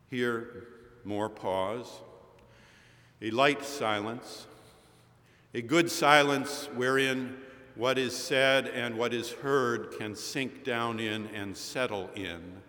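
A male preacher delivering a sermon as a slow, storytelling account with quoted dialogue. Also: medium pitch, bright, forceful tone. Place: large chapel. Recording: chapel recording with long reverb.

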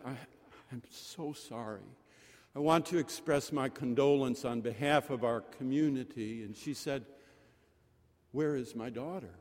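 Slow preacher in a reverberant chapel. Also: male voice, mid-range voice. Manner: slow, deliberate, repeating phrases for effect. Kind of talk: sermon. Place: chapel during worship service. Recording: long reverb of a large chapel.

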